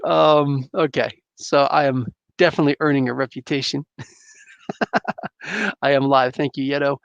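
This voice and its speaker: Gravelly, laid-back male streamer. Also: mid-range voice, little pitch movement, a little slow, no echo, muffled recording. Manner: rambling and chuckly, frequent laughs and fillers. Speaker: comic book livestream host. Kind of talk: casual livestream chat, reading viewer comments aloud.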